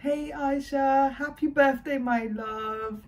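A woman's voice: high voice, fairly even intonation, slow, recorded from a distance. A woman giving an affectionate, heartfelt birthday message to a close friend.

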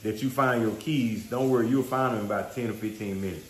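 A man quoting a kindly older woman stranger in a gentle, reassuring tone. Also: mid-range voice, quick pace, roomy sound, close to an everyday voice.

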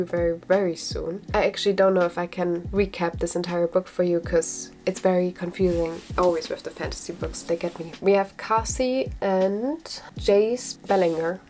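A woman's voice: lowish voice, a little mellow. A woman chatting enthusiastically as she reviews the books she has read. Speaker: book vlogger. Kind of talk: casual book review.

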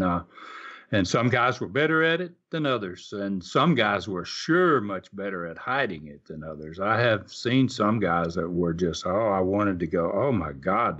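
Heard through slightly dull lo-fi audio, a wrestling guest with a low, somewhat bright voice spins folksy tales. He's an older man who used to wrestle, and his casual interview talk is full of fillers and restarts.

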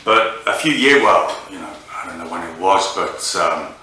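Hesitant man from England, low and sharp-toned, rambling comic monologue, recorded from afar in a very echoey room. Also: animated, moderate pace. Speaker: comedian. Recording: echoey room, distant mic, faint noise.

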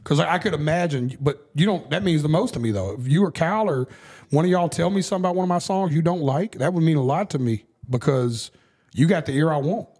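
A man's voice: fairly high pitch, expressive, quick pace, a little mellow, slightly rough. Podcast guest: middle-aged man, open and profane storyteller. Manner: candid storytelling, swears freely. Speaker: guest musician. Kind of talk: casual podcast chat.

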